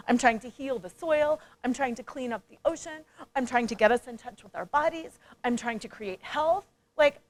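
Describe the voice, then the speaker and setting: Woman, high voice, coach giving a motivational conference talk, playful and interactive. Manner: lively, playful, engages audience with questions; acts out quoted voices. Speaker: speaker and coach.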